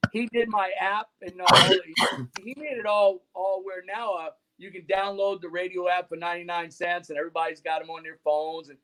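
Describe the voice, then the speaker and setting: A man with a notably high speaking voice tells long, loose stories as a guest on a talk show. He rambles from one thread to the next and peppers nearly every phrase with "you know" and "man". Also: fairly even intonation, brisk, bright, forceful tone. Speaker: guest musician and radio host. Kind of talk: casual interview storytelling.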